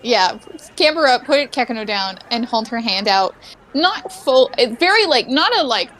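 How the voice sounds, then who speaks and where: A woman's voice: fairly high pitch, expressive, moderate pace, fairly bright tone, slight background noise, poor audio. A woman playing a tabletop game, describing her character's actions in a rambling way full of fillers. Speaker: player. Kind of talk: casual tabletop play.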